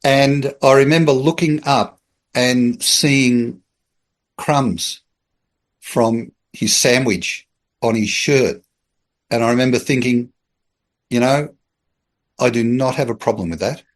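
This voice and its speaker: A middle-aged Australian man, a podcast guest, telling a story in an animated, chatty way and acting out the people in it. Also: mid-range voice, slow pace, long pauses. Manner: animated storyteller, acts out quoted voices, chuckles. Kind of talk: casual anecdotal storytelling.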